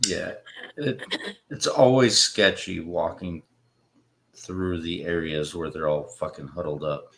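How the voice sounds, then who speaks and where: A man chatting casually on a podcast, slow and swearing now and then. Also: low voice, vocal fry, a bit bright. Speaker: podcast co-host. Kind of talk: casual chat.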